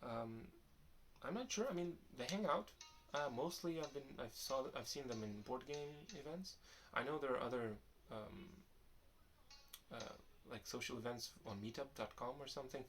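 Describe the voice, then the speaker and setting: There's a little hiss or hum under this young man's mid-range voice as he speaks at a moderate pace. He answers his vlog viewers' questions casually, wandering off track and restarting sentences, relaxed and frank throughout.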